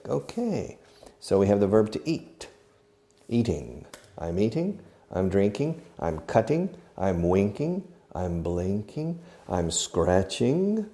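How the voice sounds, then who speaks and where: Gravelly, slow-talking male English teacher. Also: fairly low pitch, dark tone. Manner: acts out each verb while explaining, mixes in Spanish glosses. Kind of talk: slow demonstrative language lesson.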